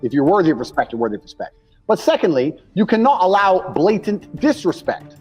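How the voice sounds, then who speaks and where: A man's voice: sits high, sing-song, fairly quick, a little mellow, slightly rough, faint music behind. A man talking bluntly and crudely, hammering his points by repeating them. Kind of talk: casual talk.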